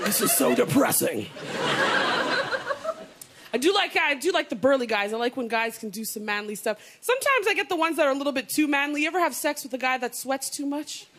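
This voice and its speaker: High, lively woman comic. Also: fairly quick. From North America. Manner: animated, bawdy, punchy delivery with exaggerated impressions. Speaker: stand-up comedian. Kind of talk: stand-up comedy set. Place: comedy stage before a live audience. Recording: loud studio audience laughter and noise.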